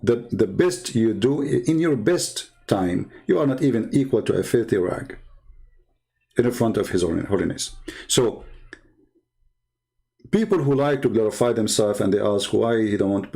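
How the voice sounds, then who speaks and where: A man's voice: lowish voice, lively intonation, measured pace, vocal fry, warm tone. A man, a Christian debater, talking in an earnest, emphatic, casual monologue and often repeating himself.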